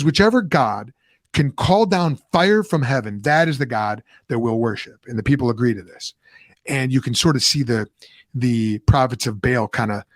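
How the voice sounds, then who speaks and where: A man, a podcast host and former pastor, retelling a Bible story in casual talk, animated, with restarts and asides. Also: mid-range voice, dry recording.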